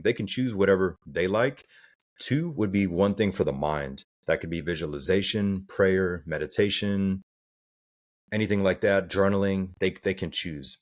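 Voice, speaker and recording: Very low-voiced Southern-raised man, earnest life coach on an interview. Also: darkish tone. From American South. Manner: earnest, acts out quoted people for effect. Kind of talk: casual interview talk.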